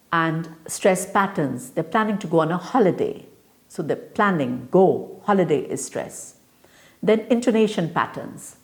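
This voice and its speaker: A woman giving a recorded lecture to teachers, explaining step by step in a deliberate way with frequent fillers. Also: on the low side, a little mellow. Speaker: teacher educator.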